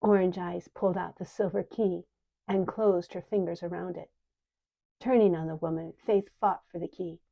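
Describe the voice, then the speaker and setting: An older woman, an author narrating her own book in calm, even storytelling. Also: on the low side, moderate pace, gravelly. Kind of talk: audiobook narration. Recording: dull lo-fi recording.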